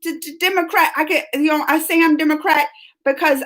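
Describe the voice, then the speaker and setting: High bright-voiced chatty woman. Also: fairly quick. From United States. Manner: excitable and chatty, laughs often; rambling with frequent restarts. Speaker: live stream host. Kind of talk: casual live-stream chat.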